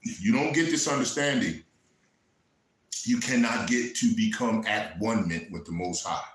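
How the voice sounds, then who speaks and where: A man preaching a fervent sermon, building from earnest teaching into raised, shouted passages, with quieter emotional stretches. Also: fairly low pitch, expressive, normal speed, reverberant, poor audio. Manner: fervent, rising to shouts, then softening into emotional asides.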